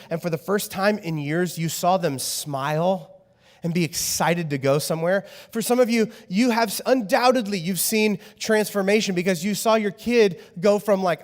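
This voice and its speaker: A man preaching a sermon as pastor, telling jokes and stories in an animated, lively way. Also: high voice. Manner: animated, joking storyteller. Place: church hall. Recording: church hall reverb.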